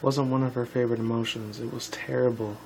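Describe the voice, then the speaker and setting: A tired young man reads a fan story aloud in a mid-pitched voice, often tripping over words and doubling back to fix them. He drops casual asides between passages, and a faint hiss runs under the recording. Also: steady tone, fast, gravelly, a little mellow, poor audio. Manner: stumbling, self-correcting, with asides. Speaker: fan fiction reader.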